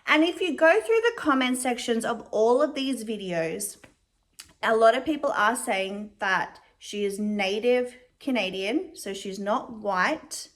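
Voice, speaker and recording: Chatty woman vlogger with a high voice. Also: expressive. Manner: measured, chatty, frequent fillers. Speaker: commentary vlogger. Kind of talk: casual commentary.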